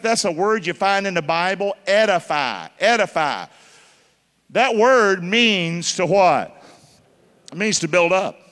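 Male pastor, high tense voice, emphatic call-and-response preaching, reverberant hall. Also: sharp tone. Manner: call-and-response questions to the congregation; emphatic, spells words out letter by letter. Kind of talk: sermon. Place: church.

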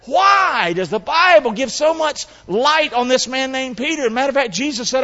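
High, lively preacher man in a hall. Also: moderate pace, hardly any pauses. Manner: call-and-response preaching, swinging from hushed to shouting. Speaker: pastor. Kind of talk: sermon. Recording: dull sound in a reverberant hall.

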